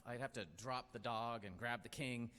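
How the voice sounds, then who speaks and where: A man's voice: medium pitch, fairly even intonation, moderate pace, sharp tone. A man hosting a live storytelling night, telling a personal story in a rambling, self-deprecating way with many fillers. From United States. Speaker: storytelling show host. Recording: long hall reverb.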